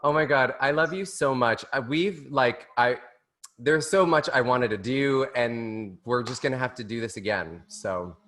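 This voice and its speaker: A man's voice: medium pitch, measured pace, sharp tone. A man hosting a podcast, speaking affectionately and gushing with praise to his guest, laughing often. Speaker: podcast host. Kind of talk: casual heartfelt interview.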